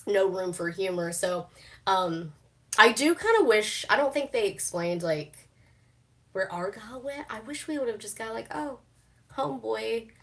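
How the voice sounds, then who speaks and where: A young woman chatting casually on a live stream, laughing a lot, swearing freely and full of fillers. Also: mid-range voice. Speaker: streamer reacting to a TV show. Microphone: phone.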